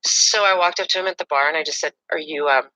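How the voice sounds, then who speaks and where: Bright, intense middle-aged woman storyteller. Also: fairly low pitch, racing, dry recording, low-quality recording. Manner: animated, rambling with fillers and restarts. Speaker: podcast guest. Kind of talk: casual storytelling in conversation.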